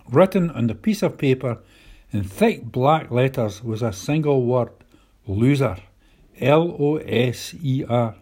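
A man reading a children's story aloud in a calm, measured way. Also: medium pitch. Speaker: narrator.

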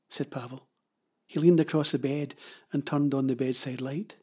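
A man narrating a children's novel in a measured, even storytelling manner. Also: on the high side, breathy edge. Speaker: audiobook narrator.

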